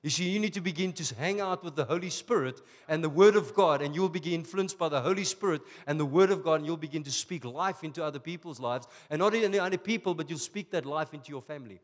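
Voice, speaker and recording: A male pastor preaching a sermon from South Africa, animated and rising to emphatic bursts. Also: on the high side, quick pace, few pauses, in a large hall.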